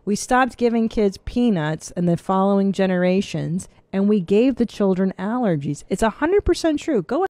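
A woman co-hosting a podcast, blunt and full of profanity. Her pitch swings widely as she talks, and her voice sits dry and close on a studio mic with almost no room sound. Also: expressive, normal speed, few pauses, mellow, no room sound. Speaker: podcast co-host. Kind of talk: casual podcast chat.

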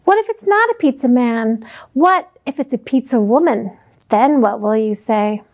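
A woman voicing a patient mother who gently asks her child questions in a storybook reading. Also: fairly high pitch, expressive, normal speed, pitched below the performer's own voice.

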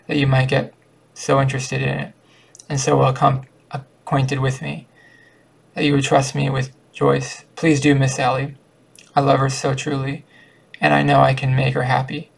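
An earnest, lovestruck young man from a storybook, pleading his case, as read by a man. The voice is creaky and husky with little pitch movement. It stays close to a plain reading voice. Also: rough recording.

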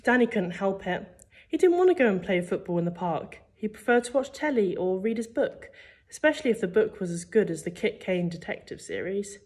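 A primary school teacher reads a children's book aloud, acting out the characters as she tells the story with lots of expression. Her voice is husky and medium in pitch, and she goes a little fast.

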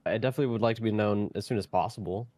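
A man's voice: on the low side, rapid-fire, darkish tone, no echo. A man chatting on stream as a co-host, blunt and swearing, breaking into laughter. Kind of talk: casual stream chat.

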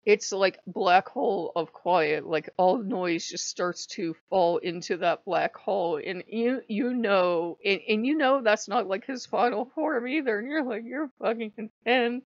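A woman's voice: mid-range voice, unhurried, few pauses, no room sound, dull audio. A woman talking in a casual vlog monologue, blunt and profane, rambling and often breaking into laughs. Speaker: spiritual YouTuber.

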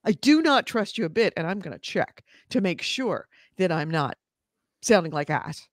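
A woman's voice: fairly low pitch, normal speed, dry recording. Woman on a podcast going off in mock outrage, voice swoops up and down a lot, dry sound. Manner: animated, mock-outraged ranting. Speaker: podcast co-host. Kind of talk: casual chat.

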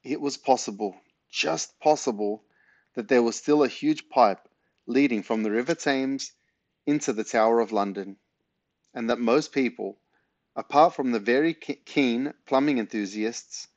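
A man reading a children's book aloud in an unhurried, relaxed way. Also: medium pitch, dry recording. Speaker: reader.

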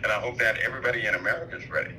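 A man speaking on a headset as a guest on a talk show, halting, with many fillers and restarts. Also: lowish voice, sharp tone, a little hiss or hum, rough recording. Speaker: guest commentator. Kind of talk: call-in talk show chat.

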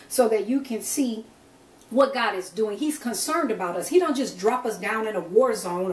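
A woman's voice: medium pitch, slight background noise. An older woman minister leading a prayer call, preaching with fervor, using colloquial phrasing and rising to emphatic exclamations. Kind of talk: preached exhortation. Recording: echoey distant call audio.

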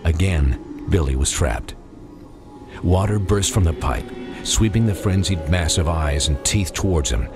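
A man narrating a dark audiobook in measured, dramatic storytelling. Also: low-pitched. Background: music.

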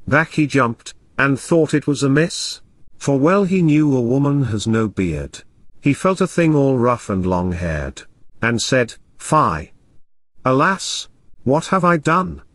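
A man narrates a classic tale in a measured storytelling manner. His pitch moves lively up and down. The recording is dry and close, with no room echo. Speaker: audiobook narrator.

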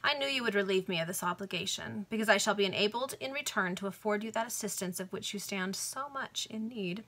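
A woman voicing a cool, scheming male Victorian financier in a read-aloud novel, speaking with calm irony. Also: medium pitch, a little fast, hardly any pauses. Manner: cool, ironic.

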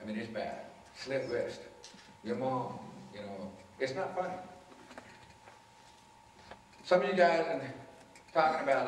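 A man's voice: medium pitch, distant mic, slight background noise. Man addressing students in an echoey hall. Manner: addresses audience directly, acts out quoted voices. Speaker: motivational speaker. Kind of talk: anti-bullying talk to students.

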